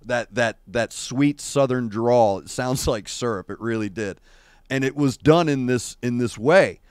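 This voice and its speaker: A middle-aged man hosting a casual livestream chat, telling rambling, wry and animated stories into a streaming microphone. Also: mid-range voice, measured pace, smooth, no echo, studio quality. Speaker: show host. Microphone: adjustable streaming microphone.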